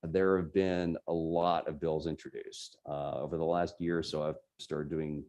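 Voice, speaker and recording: A man's voice: very deep voice, level tone, normal speed, darkish tone. A man with a New Jersey accent giving an informal, explanatory talk on tech policy to a user group meeting. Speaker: guest presenter at a computer user group meeting.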